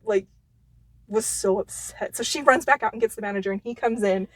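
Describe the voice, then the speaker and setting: A woman's voice: a little fast, no echo. A woman co-hosting a casual chat show, telling a long story and acting out the people in it. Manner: animated storyteller, acts out quotes with big pitch jumps. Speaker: podcast co-host.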